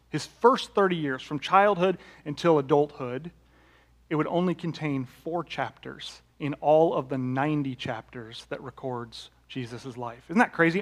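A man delivers a sermon in a slightly high voice. He talks to the congregation conversationally and asks them rhetorical questions. He swings between loud, emphatic peaks and hushed, low-pitched lines. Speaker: pastor.

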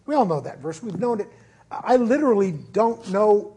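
A man's voice: high voice, very animated, moderate pace, dark tone, a little hiss or hum. A man preaching a conversational sermon as pastor at a church service, earnest and informal with frequent restarts.

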